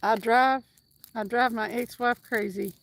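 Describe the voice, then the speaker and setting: A woman's voice: a little high, fairly even intonation, unhurried. A woman hosting a casual livestream outdoors by the water, reading viewer comments aloud in an upbeat, chatty way and whooping now and then. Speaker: livestream host. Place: outdoors by the water while fishing.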